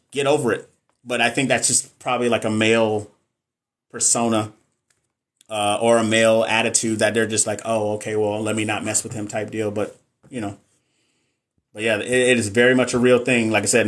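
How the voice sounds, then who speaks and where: A man, chatting casually on a live stream into a phone, joking and swearing as he answers viewers' questions. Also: lowish voice. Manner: loose and joking, slangy, swears freely, talks straight to viewers. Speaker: nurse and NCLEX coach hosting a live stream.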